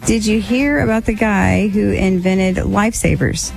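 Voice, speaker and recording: A woman's voice: medium pitch, fairly even intonation, a little slow, gravelly, a little mellow, faint music behind. A woman co-hosting a radio show, trading dad jokes in casual banter and giggling often.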